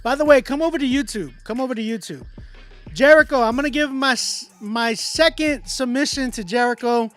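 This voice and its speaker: A man hosting a casual livestream, chatting with viewers in slang and often trailing off into quiet mumbles. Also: very high-pitched, a little fast, faint music behind. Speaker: livestream host running a song battle.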